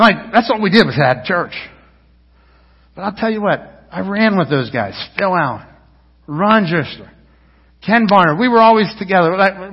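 Husky-voiced man preaching in a reverberant church. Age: 50s. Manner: rambling, storytelling with restarts and asides; swings between loud emphasis and low, quiet lines. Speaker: pastor. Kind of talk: sermon. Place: church sanctuary. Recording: dull sound with long reverb, as in a church hall.

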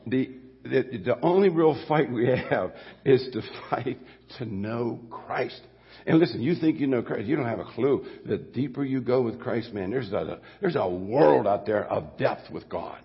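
A man's voice: mid-range voice, breathy edge. An older man preaching a sermon as pastor, folksy and rambling, often correcting himself mid-sentence. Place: church sanctuary. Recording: dull long-reverb church sound.

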